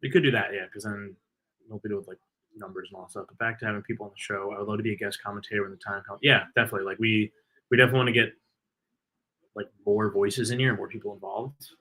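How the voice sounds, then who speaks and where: A man talks quickly and casually while co-hosting a fan watch-party stream. He rambles, stacks up fillers and gets excited when something happens in the game. His voice sits a little low but has a bright, forward edge. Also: low-quality recording.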